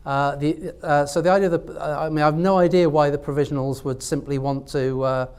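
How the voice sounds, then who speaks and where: A literary scholar on a university panel talks fairly quickly in a slightly high, steady, smooth voice with a darkish tone. His delivery in the lecture room is hesitant, full of fillers and restarts, during an academic panel discussion.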